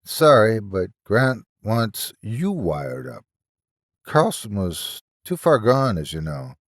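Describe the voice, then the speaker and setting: A young doctor, voiced by a man, speaks hesitantly and apologetically, tripping over the start of his lines. His voice moves lively up and down. The sound is dry and close. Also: on the low side, slow, no echo, full character voice. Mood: uneasy.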